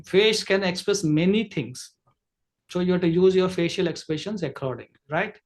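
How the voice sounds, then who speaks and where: Man, high-pitched voice, communication trainer, online masterclass, explanatory, filler-heavy. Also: normal speed. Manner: explanatory, many fillers and restarts.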